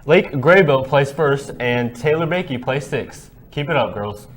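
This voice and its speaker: A man's voice: medium pitch, lively intonation, measured pace. A teenage boy co-anchoring a student sports segment, reading in an upbeat, encouraging way. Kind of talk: scripted news reading.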